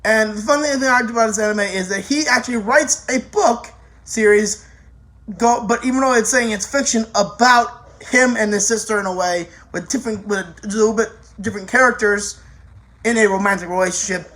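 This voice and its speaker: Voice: medium pitch, a little fast, a bit bright. An anime reviewer giving a casual, rambling spoken review, full of restarts and offhand swearing.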